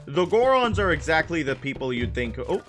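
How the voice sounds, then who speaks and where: A man's voice: on the high side, sing-song, moderate pace, fairly bright tone. A man streaming a video game, chatting casually with viewers in rambling, self-aware asides. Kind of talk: casual let's-play commentary. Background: game music.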